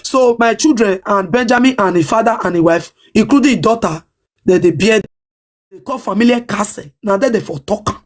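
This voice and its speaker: A woman's voice: medium pitch, brisk. A woman with a Nigerian Pidgin English accent ranting on a livestream, emphatic and defiant, repeating her points over and over. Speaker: social media live streamer. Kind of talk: livestream rant.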